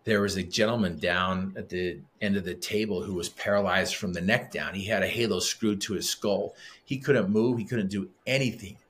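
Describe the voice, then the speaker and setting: Deep-voiced and speaking at a moderate pace with hardly any pauses, a middle-aged podcast guest recounts something from his own life. He's a vivid, conversational storyteller who performs the quoted lines.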